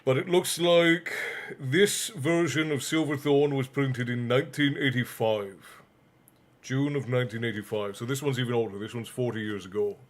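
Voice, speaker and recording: A man's voice: mid-range voice, fairly even intonation, normal speed. A young man hosts a casual live-stream reading and drifts into chatty asides with his viewers. His talk is loose and joking, full of small laughs between lines of the story. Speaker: stream host and reader.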